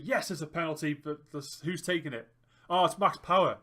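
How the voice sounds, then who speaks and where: A man's voice: fairly high pitch, lively intonation, a little fast, bright, forceful tone. A young man commentating his own football management game, groaning and cheering as the match plays out. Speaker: gaming YouTuber. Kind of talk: let's play commentary.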